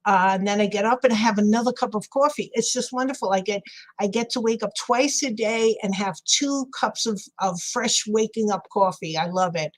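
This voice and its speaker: A woman's voice: medium pitch, moderate pace, low-quality recording. A middle-aged woman with a New York accent chats loosely while she crafts on a livestream. She rambles from one thing to the next, laughs a lot and answers her viewers by name. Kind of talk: casual chat while crafting and reading live chat.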